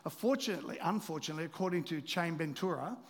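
High-voiced man preaching in a reverberant hall. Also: fast. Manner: animated, playful asides to the congregation. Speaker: pastor. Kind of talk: sermon. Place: church hall.

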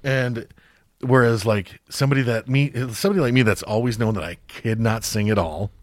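A man's voice: medium pitch, brisk, dry recording. A man chatting casually on a podcast, rambling with lots of fillers and restarts and casual swearing. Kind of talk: casual chat.

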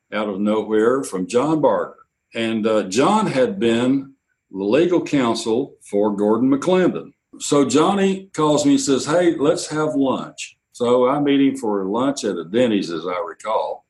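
An older man, a radio executive telling anecdotes in an interview, quoting others in lively bursts. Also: mid-range voice, measured pace, low-quality recording. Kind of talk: storytelling interview.

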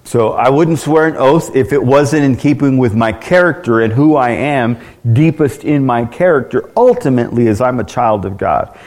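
A man's voice: medium pitch, animated, moderate pace, hardly any pauses, darkish tone. A man pastor teaching a church class in an earnest, conversational way, asking the group questions and often restarting his words.

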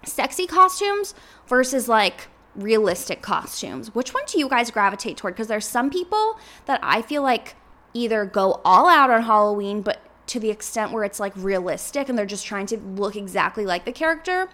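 A woman's voice: fairly high pitch, very animated, moderate pace, a bit bright. A woman in her twenties hosting a podcast, chatting casually and rambling with lots of filler words. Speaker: podcast host.

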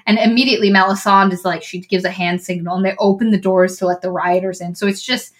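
A woman casually retelling a book's plot on a podcast, animated and swearing freely. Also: mid-range voice, fast. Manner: animated retelling with swearing, acting out lines of the characters. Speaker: podcast co-host.

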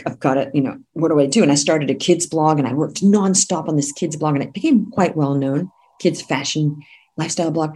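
A woman business coach, a podcast guest, telling her story in an emphatic, animated way. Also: low-pitched, slightly rough. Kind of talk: podcast interview.

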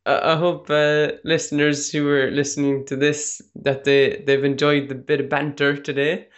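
A man's voice: a little high, flat delivery, normal speed. A man hosting an interview show, wrapping up with encouraging remarks to his guest. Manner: encouraging, brief affirmations. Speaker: podcast host. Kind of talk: casual interview chat.

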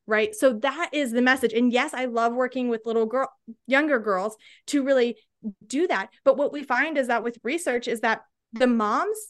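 High pitched lady coach, super passionate, keeps saying right?. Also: moderate pace. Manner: energetic, emphatic, tag questions like "right?". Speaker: guest, body-confidence coach. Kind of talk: passionate interview answers.

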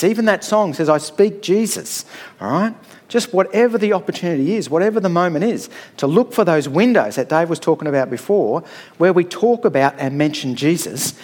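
Man preaching in a higher voice. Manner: conversational and storytelling, with frequent "all right?" asides. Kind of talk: sermon.

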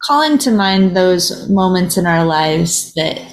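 Slow, gravelly-voiced woman guiding reflection. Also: lowish voice, animated, rough recording. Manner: soft, measured, with drawn-out pauses. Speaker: podcast host. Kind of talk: gentle guided reflection.

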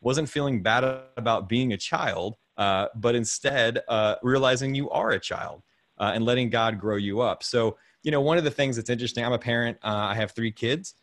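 At normal speed and mid-range pitch, a man in his thirties speaks in a slightly bright voice, free of room sound. He's a podcast host on a video call, rambling through a casual faith talk about fatherhood with frequent repeated words and chuckles.

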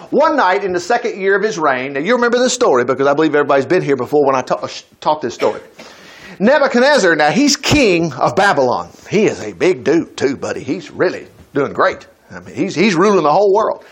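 A male preacher telling a Bible story in a folksy, animated way, acting out the characters. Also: on the high side. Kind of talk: lively storytelling sermon.

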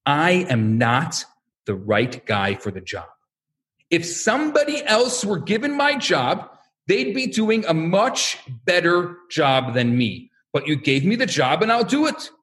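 A man's voice: fairly high pitch, very animated, a little slow, a bit bright. A man voicing a humble, self-doubting older male prophet who speaks earnestly and pleadingly.

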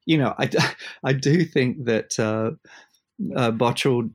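A man chatting casually as a musician guest in an interview, starting and restarting sentences as he tells animated stories. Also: mid-range voice, husky. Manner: halting, many restarts, animated storyteller.

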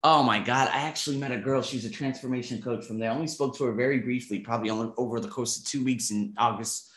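A man in his thirties reviewing his month in a vlog, emphatic and animated, swearing casually and acting out conversations. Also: mid-range voice, quick pace, reverberant. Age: 30s. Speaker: vlogger.

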